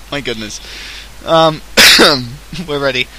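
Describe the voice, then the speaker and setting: A man's voice: a little high, moderate pace, sharp tone, rough recording. An Australian man hosting a casual gaming livestream, jokey, self-mocking and theatrical. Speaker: streamer host.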